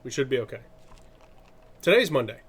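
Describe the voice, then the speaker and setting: A man's voice: medium pitch, sing-song, fairly quick, slightly rough. A man streaming live, chatting casually in a rambling way, laughing often and correcting himself. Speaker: streamer and artist.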